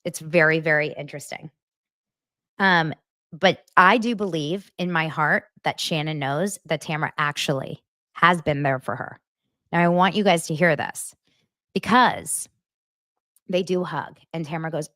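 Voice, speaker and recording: Low-voiced chatty woman gossip host. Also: moderate pace, sharp tone, no room sound, studio quality. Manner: chatty, reads out text messages, frequent self-corrections. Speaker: podcast host. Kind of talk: casual gossip commentary.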